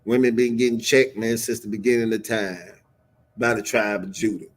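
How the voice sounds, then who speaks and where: A man's voice: fairly low pitch, fairly even intonation, normal speed, husky. A man in his fifties teaching a casual scripture class, emphatic and slangy, repeating words for effect. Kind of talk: casual scripture breakdown preaching.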